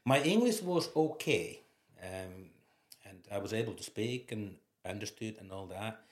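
Low-voiced Finnish man telling stories. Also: unhurried. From Finland. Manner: lively storyteller, laughs through his anecdotes. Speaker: former footballer, guest. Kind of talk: anecdotal interview storytelling. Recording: roomy echo.

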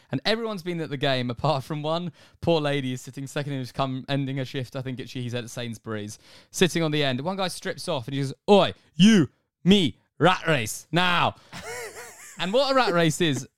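A man from the UK, co-hosting a podcast, tells a story in a lively, laughing, jokey way. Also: medium pitch, a little fast, hardly any pauses, clear, resonant tone, no echo, clean studio sound. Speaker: podcast co-host. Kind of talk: casual chat, animated storytelling.

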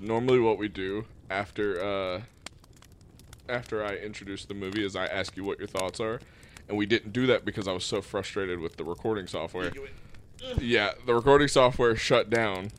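A man's voice: lowish voice, a little hiss or hum. A man co-hosting a podcast, talking loosely and profanely in casual chat about a film. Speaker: podcast co-host.

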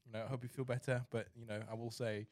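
A man's voice: medium pitch, flat delivery, fast, a little mellow. A man co-hosting a casual podcast, teasing his co-host with joking banter.

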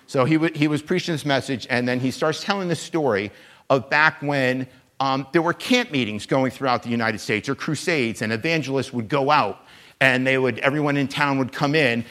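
A man preaching a sermon as a guest preacher. He speaks in a conversational, animated way and pokes fun at himself. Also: medium pitch. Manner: conversational, animated, self-deprecating.

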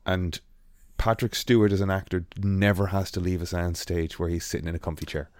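A man's voice: sits low, little pitch movement, a little fast, a little mellow, no room sound. A man co-hosting a podcast in casual chat, rambling with frequent ums and restarts. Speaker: podcast co-host.

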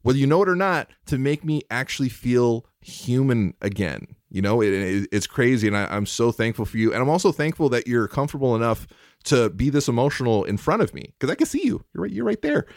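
A man's voice: mid-range voice, big pitch swings, a little fast, dry recording, clean studio sound. A man co-hosting a podcast in casual chat, heartfelt and emotional, rambling and restarting his sentences. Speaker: podcast co-host.

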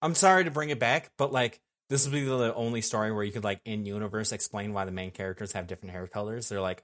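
A man co-hosting a casual podcast, cracking crude jokes in a lively back-and-forth. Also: lowish voice, quick pace, hardly any pauses. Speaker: podcast co-host. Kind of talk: casual chat.

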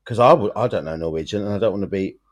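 A man's voice: on the low side, racing, lo-fi sound, crowd noise. A man co-hosting a podcast, chatting in a giggly, self-mocking way. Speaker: podcast co-host. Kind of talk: casual chat.

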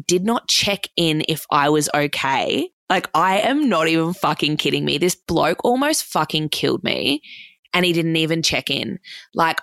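A woman's voice: sits low, vocal fry, fairly bright tone, no room sound. A woman in her twenties with an Australian accent tells a long story casually, swearing freely and stringing thoughts together with "like". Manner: swears freely, fast run-on anecdote full of "like".

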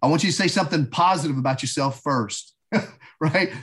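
A man's voice: fairly high pitch, normal speed, fairly bright tone. A man who is a guest in an interview and a former military instructor, speaking in an upbeat, motivational coaching way. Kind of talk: conversational interview.

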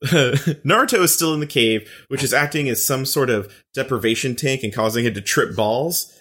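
A man's voice: medium pitch, moderate pace, breathy edge. Man recapping with dry jokes. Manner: laughs while recapping, deadpan jokes. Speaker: podcast co-host. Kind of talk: casual chat recapping episodes.

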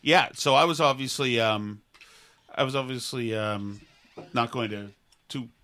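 Bright-voiced teasing man host. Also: mid-range voice, unhurried, faint music behind. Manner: teasing, joking questions. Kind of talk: casual chat.

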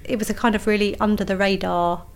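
A woman's voice: mid-range voice, fast talker, clean tone. A woman, talking frankly and animatedly as an interview guest. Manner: frank, animated, laughing easily. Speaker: guest, author. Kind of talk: interview conversation.

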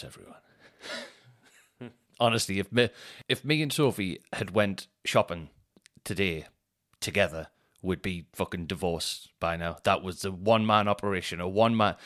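A man's voice: low-pitched, a bit bright. A man hosting a podcast, telling a rambling, sweary shopping story and laughing as he goes. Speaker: podcast host. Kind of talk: casual storytelling monologue.

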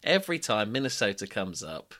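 A man's voice: lowish voice, sing-song, fairly quick, sharp tone. A man from England co-hosting a podcast in casual chat, telling wry, self-deprecating anecdotes. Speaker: podcast co-host.

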